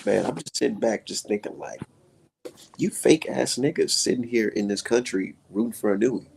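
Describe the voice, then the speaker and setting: Gravelly, husky-voiced man ranting. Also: normal speed, a little mellow. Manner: heated, profane, swinging pitch. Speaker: live-stream host. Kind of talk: profane live-stream rant.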